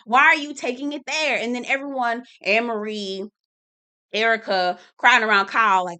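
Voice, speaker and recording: A woman's voice: a little high, moderate pace. A woman hosting a reality TV recap video, chatting sassily and calling her viewers "girl" and "y'all". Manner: laughs and teases, animated.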